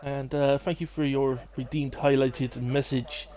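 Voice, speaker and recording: Middle-aged male stream host, casual and rambling, self-deprecating, plenty of ums, mid pitch. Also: little pitch movement, a little slow, a little mellow. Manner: rambling and self-deprecating, with many fillers and restarts. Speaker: live-stream host of a racing league. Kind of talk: casual live-stream commentary.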